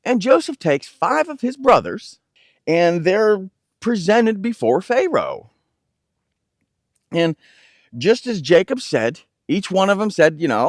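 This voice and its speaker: In a clean studio recording with no room sound, a man with a high-pitched voice and big pitch swings teaches scripture conversationally. He often stumbles, repeating words and restarting phrases as he explains.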